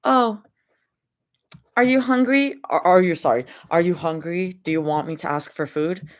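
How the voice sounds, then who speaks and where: A woman's voice: fairly low pitch, normal speed, natural voice. A woman voicing a playful young woman stuck in a hospital bed, reading a fanfic aloud in a whiny, teasing manner. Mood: pleading.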